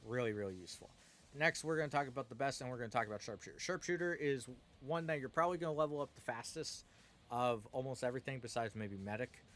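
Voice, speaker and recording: A man's voice: medium pitch, quick pace, fairly bright tone. Man casually ranking game classes. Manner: conversational, frequent "uh" and "um" fillers. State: hiccuping. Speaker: gaming video host. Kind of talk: casual spoken tier list commentary. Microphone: desk microphone.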